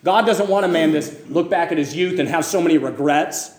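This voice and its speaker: A man preaching a fervent sermon, firing questions at his listeners and rising to loud cries. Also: fairly high pitch, brisk, echoey room.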